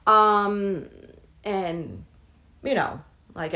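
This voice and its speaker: A woman's voice: on the high side, sing-song, slow, vocal fry, a bit bright, muffled recording. A woman reading tarot cards for her viewers in a casual, thinking-aloud way, with many fillers and asides. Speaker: tarot reader.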